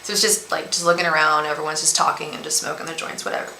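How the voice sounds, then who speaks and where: A woman's voice: low voice, level tone, fast, vocal fry, sharp tone, a little hiss or hum. A young woman hosting a live tarot stream, chatty and rambling as she talks straight to her viewers. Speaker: tarot reader and psychic host. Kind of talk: casual live-stream chat. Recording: roomy room echo.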